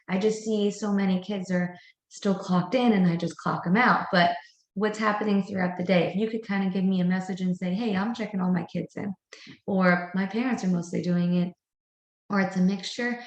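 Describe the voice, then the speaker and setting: A woman's voice: mid-range voice, echoey room. A woman, a preschool director, giving firm instructions to her staff at a meeting, repeating her key points.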